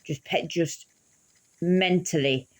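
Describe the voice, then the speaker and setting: A woman's voice: lowish voice, takes it slowly. A woman telling a funny personal story in a casual, swearing, laughing way. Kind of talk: casual anecdote.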